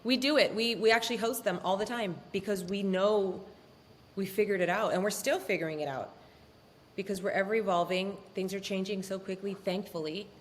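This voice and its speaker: A woman speaking as a guest in a casual interview, animated and candid, swearing freely. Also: mid-range voice, a little fast, in a large hall. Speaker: law firm owner, podcast guest.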